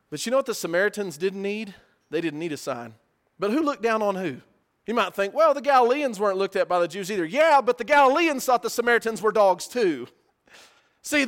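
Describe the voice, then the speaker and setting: A man delivers a sermon in a voice whose pitch sits high, posing rhetorical questions and swinging between loud emphasis and hushed lines.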